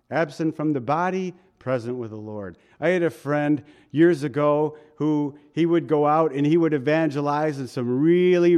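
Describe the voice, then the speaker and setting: A man's voice: a little high, darkish tone. A man preaching a sermon in a casual, folksy way, asking the listeners questions and laughing at himself now and then. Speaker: pastor.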